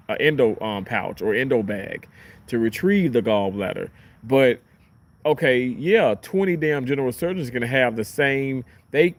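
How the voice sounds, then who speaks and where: Young guy vlogging about his surgery shift, chatty, cusses a lot, normal mid voice. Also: mid-range voice. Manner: animated, chatty, swears casually. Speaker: surgical tech. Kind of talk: casual vlog storytelling.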